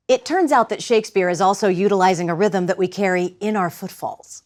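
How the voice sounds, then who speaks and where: Woman, acting teacher, measured lecture with demonstrations, faint background noise. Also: mid-range voice, animated.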